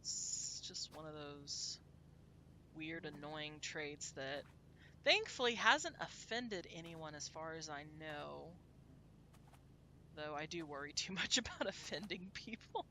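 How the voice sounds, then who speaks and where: A woman's voice: low voice, slow, bright, forceful tone, a little hiss or hum. A woman from Texas, chatting casually to her viewers while she plays a game, rambling and laughing often. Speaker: game streamer.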